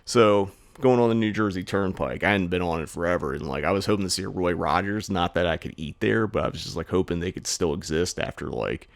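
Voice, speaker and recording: A man's voice: deep voice, a little fast, vocal fry, few pauses, dry recording. A man co-hosting a podcast, telling a rambling story in casual chat and swearing often. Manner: rambling storyteller, swears a lot, animated when mimicking people. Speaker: podcast co-host.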